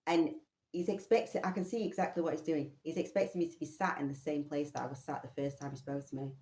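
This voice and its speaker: Low-voiced woman telling a story. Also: quick pace, roomy sound, slight background noise. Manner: animated, swears casually. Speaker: vlogger. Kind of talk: personal storytelling.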